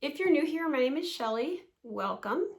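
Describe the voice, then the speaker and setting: A woman's voice: high-pitched, expressive, moderate pace. A woman in her sixties talking casually to camera at home, chatty and rambling, laughing often. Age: 60s. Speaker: vlogger.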